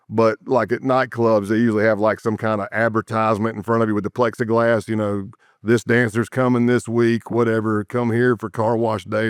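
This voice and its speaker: Recorded in a clean studio with no room sound, this middle-aged man has a fairly low voice. Once an undercover agent and from South Carolina, he's a guest in a casual interview, telling stories and vividly playing the characters he quotes.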